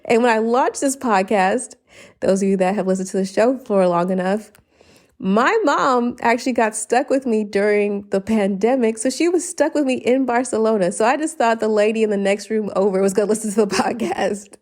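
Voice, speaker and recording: A woman's voice: a little high, moderate pace, darkish tone. A woman hosting her own solo podcast, speaking earnestly and gratefully, laughing between sentences and a little choked up. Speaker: podcast host. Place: lives abroad, based in Barcelona.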